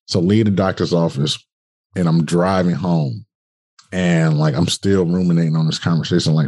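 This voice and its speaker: Husky deep-voiced man telling a story. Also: normal speed. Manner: animated, colloquial, swearing, acts out dialogue. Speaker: podcast guest. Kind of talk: casual storytelling in an interview.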